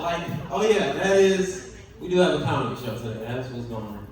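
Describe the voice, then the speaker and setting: A man's voice: sits high, animated, quick pace. A young man from the Caribbean doing a loose, profane stand-up set, chuckling at his own jokes on a comedy club stage. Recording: echoey club from far off, faint noise.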